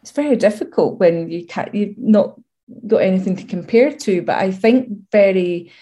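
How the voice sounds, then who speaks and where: A middle-aged woman from Scotland, speaking at a normal speed with medium pitch, is a guest in a candid interview. She tells her stories in a lively way, full of humour and pride.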